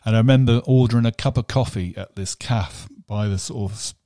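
A man's voice: fairly low pitch, brisk, dark tone, dry recording, clean studio sound. A man, co-hosting a rambling, jokey casual chat podcast. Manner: rambling, jokey, puts on accents. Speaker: podcast co-host.

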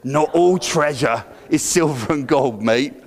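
A man's voice: fairly high pitch, measured pace, in a large hall, a little hiss or hum, pitched below the performer's own voice. A man putting on a drawling impression of a swaggering male pirate captain during a sermon.

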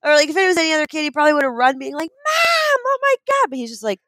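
A woman's voice: high-pitched, rapid-fire, fairly bright tone, no room sound, clean studio sound. A woman chatting casually about a movie, playful and acting out imagined dialogue.

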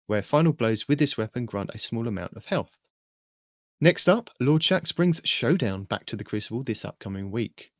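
A man hosting a weekly game update, reading through a scripted news rundown in a steady, even delivery. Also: medium pitch, dry recording, clean studio sound.

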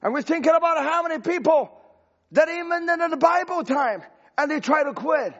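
A man preaching a sermon as pastor, impassioned and rising to shouts, with broken grammar. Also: very high voice, expressive, normal speed, highs cut off.

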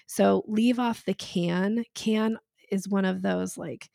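A woman's voice: mid-range voice, steady tone, slow pace, vocal fry, dark tone, dry recording, studio quality. A woman sales coach talking casually on a podcast, frank and emphatic, with laughs between points.

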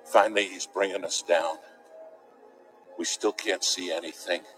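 Deep-voiced preacher with dramatic hushes. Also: male voice, steady tone, measured pace, over music, poor audio. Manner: dramatic, swings between loud emphasis and hushed near-whispers. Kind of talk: sermon telling a dramatic personal story. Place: church.

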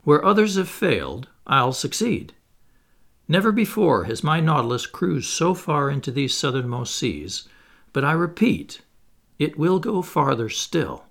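Man reading as a bold sea captain, cool, ironic, commanding, gravelly, lively pitch. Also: measured pace, full character voice. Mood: confident. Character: proud daring male submarine captain.

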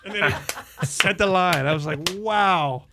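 A middle-aged man telling animated, laughing anecdotes as a guest on a casual podcast. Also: fairly high pitch, brisk, gravelly, background noise.

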